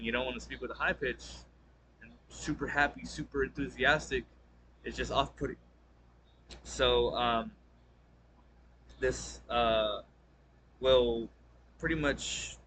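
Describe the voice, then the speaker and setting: Young man, student presentation, flat monotone delivery, fillers and restarts, background noise audible. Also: medium pitch. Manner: rambling, many fillers and restarts; talks fast, by his own account. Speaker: student presenting a class assignment. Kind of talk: casual spoken summary.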